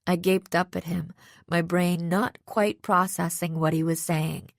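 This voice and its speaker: Woman reading an audiobook, lowish voice, super dry close mic. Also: unhurried, gravelly, no echo. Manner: steady, even storytelling. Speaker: audiobook narrator. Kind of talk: scripted first-person audiobook narration. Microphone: close studio microphone.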